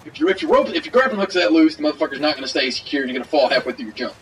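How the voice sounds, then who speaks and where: A man's voice: a little high, expressive, rapid-fire. A man giving profane, joking commentary while playing a video game with a friend. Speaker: gaming commentator. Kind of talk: let's play commentary. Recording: distant mic with faint noise.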